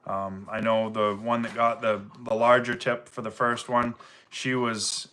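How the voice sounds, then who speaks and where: Middle-aged man with a mild Maine accent, easygoing livestream host, bright and forceful tone. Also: medium pitch, level tone, a little slow, a little hiss or hum. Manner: easygoing, rambling, reads viewer comments aloud. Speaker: livestream host, firewood seller. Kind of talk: casual livestream chat.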